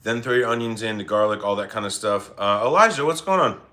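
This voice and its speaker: Male cooking-stream host, low voice with a bright edge, laid-back and chatty, reads chat and apologizes a lot. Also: quick pace. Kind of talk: casual cooking livestream chat. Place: home kitchen.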